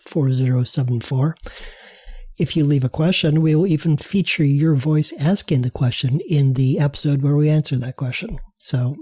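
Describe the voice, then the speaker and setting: Mellow, husky-voiced man. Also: medium pitch, dry recording, clean studio sound. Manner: easygoing, self-deprecating. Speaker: podcast co-host. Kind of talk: casual chat and show outro.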